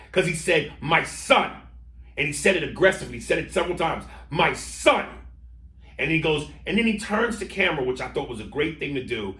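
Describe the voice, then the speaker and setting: A man's voice: a little high, bright, forceful tone, distant mic. Guy ranting about politics on a podcast, keeps restarting, lots of cussing, roomy echo. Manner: impassioned, swearing, stammering restarts. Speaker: podcast co-host. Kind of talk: heated political debate chat.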